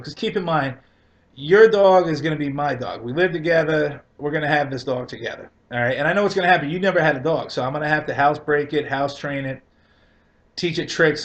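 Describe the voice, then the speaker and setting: A man's voice: a little high, dull audio. A man telling a long casual comic rant about his life, loose and profane, laughing between lines. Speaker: comedian telling a story.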